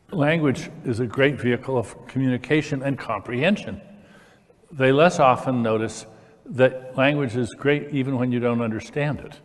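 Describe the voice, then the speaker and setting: A mid-pitched man speaks enthusiastically in a public onstage discussion, stopping to restart and demonstrate as he goes. His voice carries a long reverb from a large hall. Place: large hall, in front of an audience.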